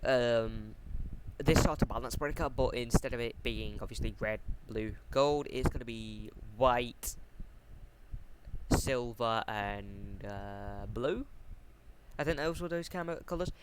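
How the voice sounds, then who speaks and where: Slow, halting and unsure, a medium-pitched man keeps stopping for ums and correcting himself as he lays out a fan fiction plot off the cuff. It's a casual explanation given from a warm room at home, where a fan hums steadily.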